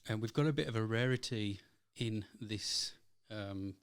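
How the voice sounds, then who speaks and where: A man with a fairly low voice co-hosts a casual movie review. He rambles, restarts sentences and leans on ums as he gathers his thoughts. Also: measured pace, clean tone, dry recording, studio quality. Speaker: film review co-host. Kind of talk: casual film review chat.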